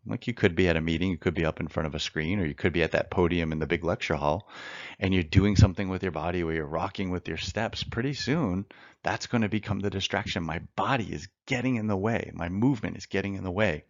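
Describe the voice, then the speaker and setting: A man with a very low, gravelly voice teaches mock trial in a recorded lecture. He is earnest and emphatic, repeating phrases for effect and pacing himself deliberately. The sound is dry and a little dull. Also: dry recording. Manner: works to slow down a fast natural pace.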